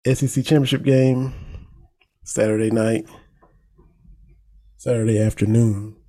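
A man's voice: mid-range voice, a little slow. A man from Eastern Kentucky with a country accent, giving casual, folksy sports commentary as a talk host. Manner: folksy, animated, laughs at his own jokes.

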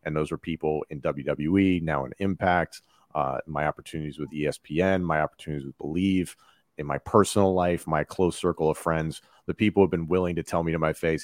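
A man speaking as a podcast guest in a casual interview, confident and measured, listing things off one after another. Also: very deep voice, fairly even intonation, no echo, clean studio sound. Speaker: podcast guest, wrestling commentator.

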